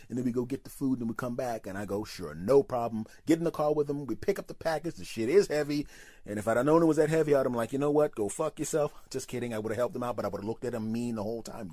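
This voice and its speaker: A man telling a brash, profane comedy story as a podcast host, swinging into quick voices for the people he quotes. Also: mid-range voice, animated, a little mellow, dry recording.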